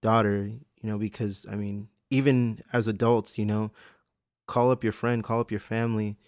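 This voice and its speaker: A man's voice: lowish voice, level tone, moderate pace, darkish tone, no echo, studio quality. A man hosting a podcast in a casual monologue, rambling and profane, with many fillers. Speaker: podcast host.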